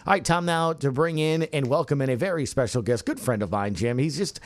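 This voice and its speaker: A man co-hosting a sports podcast, jokey and animated as he introduces a guest. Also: mid-range voice, fairly quick. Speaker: podcast co-host. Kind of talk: casual podcast chat.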